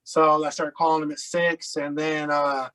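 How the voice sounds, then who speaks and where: Higher-voiced rambling man. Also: little pitch movement, moderate pace, pushed and bright, poor audio. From Colorado. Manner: loose and rambling, heavy on fillers. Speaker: interview guest. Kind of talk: casual personal storytelling.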